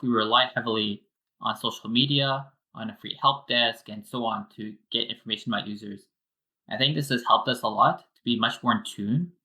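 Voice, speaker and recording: Bright-voiced man explaining software. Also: on the low side, poor audio. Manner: explains step by step with frequent fillers. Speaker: wallet developer guest. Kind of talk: casual technical explanation.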